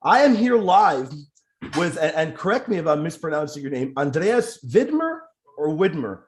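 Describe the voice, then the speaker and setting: A man's voice: fairly high pitch, animated, moderate pace. A man hosting a casual live interview, effusive and heavy with praise for his guest. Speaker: interview host.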